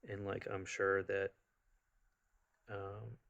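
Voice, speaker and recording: Casual vlogger, man, lowish voice, rambling, animated storyteller. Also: drawn-out words, creaky, dull audio. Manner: rambling, animated, full of fillers.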